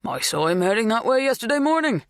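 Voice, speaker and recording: A narrator doing a polite, booming old farmer. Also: expressive, normal speed, no room sound, studio quality, lightly acted. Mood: apologetic. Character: older male farmer, polite and apologetic.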